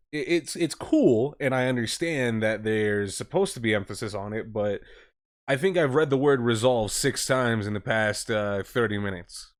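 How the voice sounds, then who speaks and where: A man's voice: mid-range voice, moderate pace. A man streaming a game, reading its lines aloud and commenting on the writing in a chatty, critical way.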